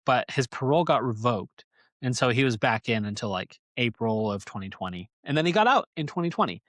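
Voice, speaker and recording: A man's voice: medium pitch, expressive, fairly quick, a bit bright, no room sound. A man hosting a podcast, telling a story casually in a rambling, joking way. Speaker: podcast host. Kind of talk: casual chat.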